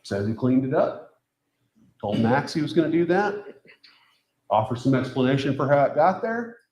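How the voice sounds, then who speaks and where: A man's voice: mid-range voice, lively intonation, normal speed, darkish tone, slight background noise. A man, a defense attorney, giving an emphatic closing argument to a jury with pointed rhetorical questions, recorded at a courtroom podium mic. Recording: echoey courtroom.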